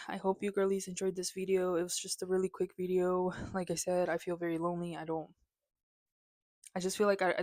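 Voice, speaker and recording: A woman's voice: fairly low pitch, darkish tone, no room sound. A young woman vlogging a candid, rambling rant, anxious and close to tears. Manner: candid, rambling, lots of filler words. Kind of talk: casual personal rant to camera.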